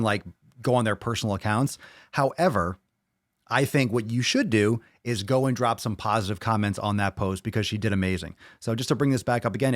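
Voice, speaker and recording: A man hosting a podcast, ranting angrily and mockingly with lots of swearing, jumping loud and high for emphasis. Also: no room sound, studio quality. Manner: profane, angry, mocking. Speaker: podcast host. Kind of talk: ranting solo commentary.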